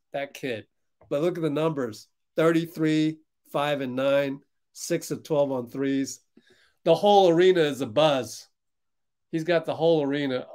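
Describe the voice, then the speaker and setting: A man hosting a fan livestream, reacting loudly to a basketball game as it plays and answering viewers in chat. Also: medium pitch. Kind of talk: live basketball watch-along commentary.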